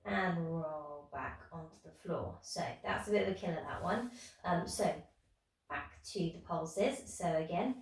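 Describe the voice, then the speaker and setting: A tired woman in her thirties leading a pilates class, calmly talking through moves and counting reps. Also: on the low side, unhurried, creaky. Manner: calm instructing, counting reps. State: tired, yawning. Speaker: pilates instructor. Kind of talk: guided exercise class. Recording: echoey room from far off.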